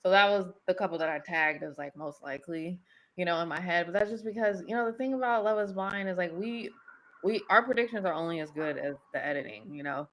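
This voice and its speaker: A woman hosting a casual recap chat, talking in a chatty, animated way and laughing often. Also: lowish voice, quick pace. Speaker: podcast host.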